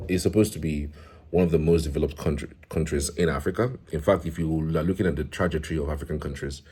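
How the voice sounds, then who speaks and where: Very deep husky man chatting. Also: warm tone. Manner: reads comments aloud and laughs along. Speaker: commentator reading social media reactions. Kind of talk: casual online commentary.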